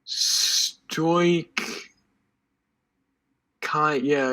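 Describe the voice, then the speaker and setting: A man's voice: a little high, animated, unhurried, sharp tone, low-quality recording. A teenage boy co-hosting a live stream, quizzing and joking in loose, rambling banter. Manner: joking, rambling word associations. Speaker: podcast co-host.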